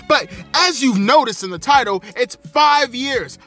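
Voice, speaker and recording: High-voiced, ranting young man. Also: animated, a little slow, few pauses, sharp tone, faint music behind. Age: young adult. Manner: angry, sarcastic, heavy swearing. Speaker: wrestling show reviewer. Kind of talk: profane ranting show review.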